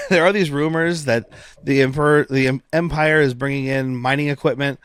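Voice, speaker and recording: A man's voice: fairly high pitch, big pitch swings, normal speed, fairly bright tone, clean tone, no echo. Man recapping a show, dry close mic. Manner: laid-back, recaps scenes with quoted lines. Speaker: podcast co-host. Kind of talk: casual chat.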